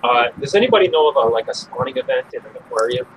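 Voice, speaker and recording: A man's voice: mid-range voice, lively intonation, racing, noisy background. A man in a casual group chat who asks questions hesitantly, with many fillers. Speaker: reef hobbyist, chat participant.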